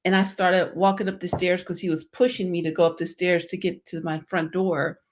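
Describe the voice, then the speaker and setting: A woman with a slightly low voice tells her own story of survival in plain conversation. She talks earnestly and rambles, with lots of fillers and false starts. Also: level tone, a little fast. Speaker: life and motivational coach, guest.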